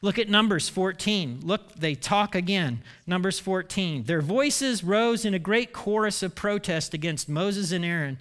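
A man preaching a sermon, retelling scripture in an animated, self-deprecating storytelling way. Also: high voice, measured pace, few pauses. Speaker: pastor.

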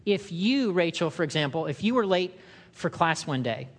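A man preaching a sermon in a conversational way, acting out quotes in loud, higher voices. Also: lively intonation, normal speed, big-room sound. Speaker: pastor.

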